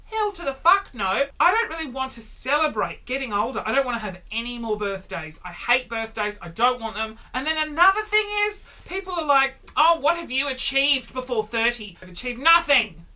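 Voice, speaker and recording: A man in his thirties delivering a comedic vlog monologue, animated and exaggerated, with sudden loud exclamations. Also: very high voice, brisk, hardly any pauses. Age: 30s. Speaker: vlogger.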